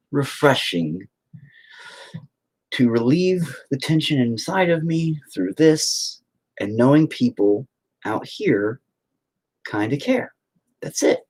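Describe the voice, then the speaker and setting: A painter livestreams from home on his phone, his mid-range voice husky. He chats casually, rambling and swearing freely while telling stories.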